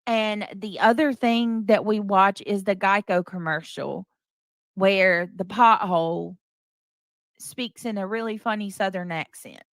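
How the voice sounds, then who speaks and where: Hosting a casual live stream, a woman answers her chat sounding defensive and exasperated, repeating herself and starting sentences over. Her mid-pitched voice is unhurried, and the recording has no room sound.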